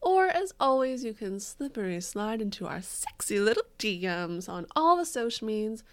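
A woman co-hosting a casual podcast, playful and jokey, with bursts of quick talk. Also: on the high side, big pitch swings. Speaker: podcast co-host.

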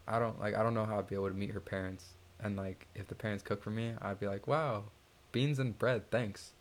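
Young guy on a podcast mic, lowish voice, loose joking trash talk. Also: little pitch movement, fast talker. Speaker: podcast co-host. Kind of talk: casual chat.

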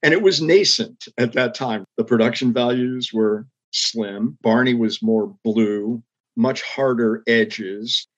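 A former public TV executive, an older man, tells the story of his career as an interview guest. His mid-pitched voice is a little husky, and he speaks earnestly and reflectively, rising emphatically at times. The recording is slightly muffled and lo-fi.

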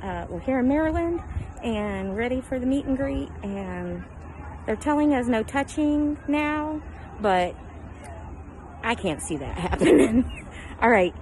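A woman recording an excited phone voice memo, breathless and gushing, shaky with excitement. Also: on the high side, a little slow. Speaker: fan correspondent. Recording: loud crowd and traffic noise.

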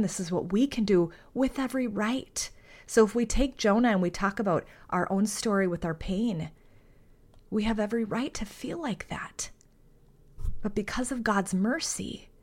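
A woman hosting a faith podcast. She speaks in an earnest, heartfelt, conversational way, reads scripture aloud and prays. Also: mid-range voice. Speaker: podcast host.

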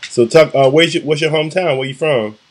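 A man's voice: on the high side, a little fast. A man hosting an interview podcast, asking friendly, slangy questions. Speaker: podcast host. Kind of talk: casual interview.

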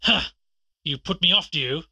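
A man voicing a huge, fierce old country doctor who snarls threats, in a husky, lowered voice. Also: moderate pace, bright, forceful tone, dry recording, heavily acted, rough recording. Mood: menacing. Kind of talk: audiobook character reading.

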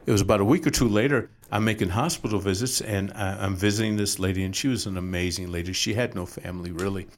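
A middle-aged man, a pastor, telling a personal testimony as an animated storyteller with quick asides. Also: fairly low pitch.

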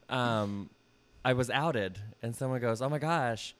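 A man chatting casually as a podcast guest, animated and laughing often while telling stories. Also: mid-range voice, slow, clean tone. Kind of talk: casual chat.

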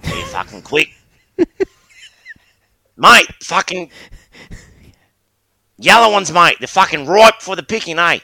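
A man's voice: high-pitched, big pitch swings, slow pace, pauses often, bright, forceful tone, no room sound, heavily acted. A man voicing a crude, swaggering bloke who swears and bosses others about. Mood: bossy. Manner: swearing, gruff, bossy. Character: crude swaggering male lemon-herding bloke.

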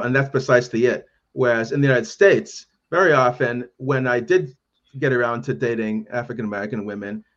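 A man with a lowish voice talks through his point slowly on a podcast. He pauses often to search for words. The audio is dull and lo-fi. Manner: hesitant, many fillers and pauses. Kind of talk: casual podcast chat.

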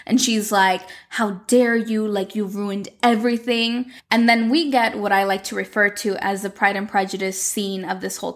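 A woman's voice: mid-range voice, creaky, fairly bright tone. A young woman casually recapping a soap opera plot, chatty and full of "like", retelling the scenes. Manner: chatty, lots of "like", retells the dialogue. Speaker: telenovela recapper.

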